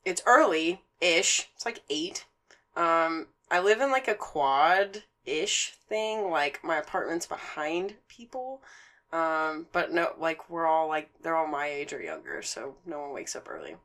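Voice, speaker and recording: A woman's voice: deep voice, a little slow. A young woman co-hosting a podcast, telling a story in casual chat with lots of swearing and frequent laughter. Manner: profane, animated storyteller who laughs often. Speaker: podcast co-host.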